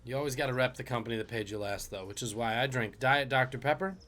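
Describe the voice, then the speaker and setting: A man's voice: mid-range voice, quick pace, a bit bright, soft background music. A man hosting a live-streamed trivia game, joking and chatting with viewers between questions.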